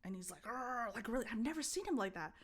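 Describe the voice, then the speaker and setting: Animated young woman telling a story. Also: fairly high pitch, rapid-fire, husky. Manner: animated, swears, acts out voices and laughs a lot. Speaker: podcast co-host. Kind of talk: casual storytelling chat. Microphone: streaming setup mic.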